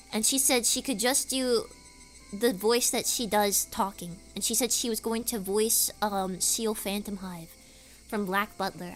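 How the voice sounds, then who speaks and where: A woman's voice: a little high, fairly bright tone. A woman streamer chatting casually, rambling through stories with lots of filler words. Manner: rambling, filler-heavy storytelling.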